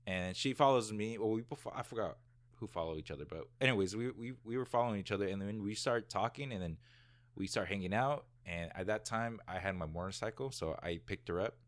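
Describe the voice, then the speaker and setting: A man's voice: on the low side, a little fast, dry recording. A young man being interviewed in his own office, laid-back and teasing with a dry humor. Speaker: guest content creator. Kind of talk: casual interview chat.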